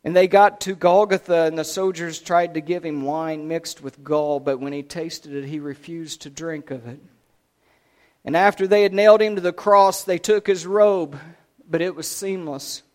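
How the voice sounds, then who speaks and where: A man preaching a sermon, retelling a scripture story dramatically, swinging between loud and hushed delivery. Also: a little high, fairly even intonation, moderate pace.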